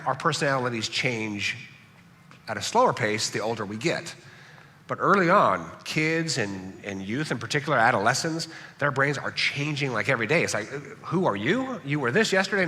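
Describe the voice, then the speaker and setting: A man's voice: medium pitch, bright, forceful tone. A man from Southern California, a pastor giving a conversational sermon that he keeps punctuating with "right?". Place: church sanctuary. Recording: long reverb of a church hall.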